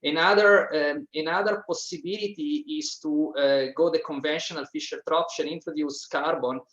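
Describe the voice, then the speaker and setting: A man's voice: a little high, steady tone, normal speed, fairly bright tone. A male panelist giving a thoughtful, hesitant technical answer at a workshop. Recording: roomy, dull lo-fi recording.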